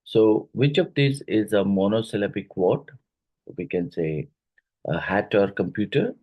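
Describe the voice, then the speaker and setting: A man's voice: lowish voice, expressive, a little slow, dull audio. A man with an Indian English accent teaching a lesson, going through exam questions step by step with many fillers.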